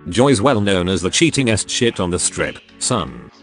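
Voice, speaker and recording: A gruff, menacing old security chief, read by a synthetic male voice. The voice sits fairly low but swings widely up and down in pitch. Faint music plays underneath. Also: sing-song, moderate pace.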